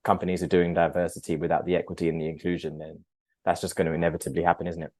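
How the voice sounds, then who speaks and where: A man's voice: low-pitched, flat delivery, rapid-fire, darkish tone. A man, a podcast guest, talking earnestly and reflectively in a conversational interview, with frequent fillers. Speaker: podcast guest, agency founder.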